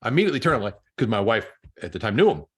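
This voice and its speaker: A man's voice: lowish voice, sing-song, racing, slightly rough. A man coaching a group, telling stories and acting out both sides of phone calls. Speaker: real estate coach.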